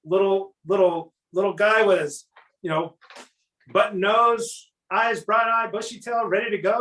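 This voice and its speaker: An energetic man coaches salespeople in a loose, talkative way and slips into little acted exchanges with customers. His voice sits a bit high for a man. The sound is roomy and echoey. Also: measured pace. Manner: energetic, acts out customer dialogues. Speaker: sales trainer. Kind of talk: casual sales coaching talk. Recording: echoey room.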